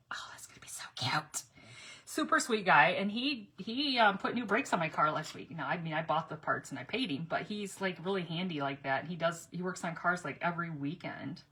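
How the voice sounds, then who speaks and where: A woman's voice: fairly low pitch, sharp tone. A middle-aged woman rambling through stories in a casual craft vlog, chatty and laughing between asides.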